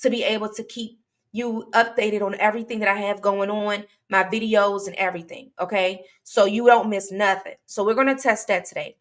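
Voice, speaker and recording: A woman hosting a true crime livestream reads comments aloud as she chats casually and directly with viewers, rambling with lots of fillers and restarts. Her medium-pitched voice is fairly even in intonation and fairly quick.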